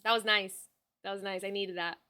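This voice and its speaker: Bright-voiced woman streamer chatting. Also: mid-range voice, steady tone, moderate pace, clean tone. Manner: chatty, affectionate, fussing over her dog between replies. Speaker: livestreamer. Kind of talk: casual chat with viewers.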